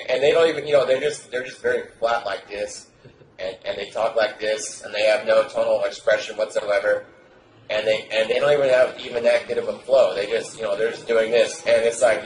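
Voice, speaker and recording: A man talking as a dating coach, loud and emphatic, projecting his voice hard and swearing freely. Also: medium pitch, lively intonation, a little fast. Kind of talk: animated podcast talk. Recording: roomy echo, faint noise.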